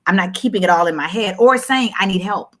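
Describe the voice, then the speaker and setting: A woman in her thirties, a guest on a talk show, telling candid stories with lots of repetition for emphasis and sudden high jumps when she quotes someone. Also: fairly quick. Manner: animated, repeats phrases for emphasis, jumps high when quoting. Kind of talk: candid conversational storytelling.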